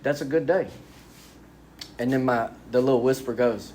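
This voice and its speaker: A man giving a lively, self-mocking recovery talk as a speaker at a men's spiritual retreat. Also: mid-range voice, normal speed, pauses often, a little hiss or hum. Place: retreat gathering.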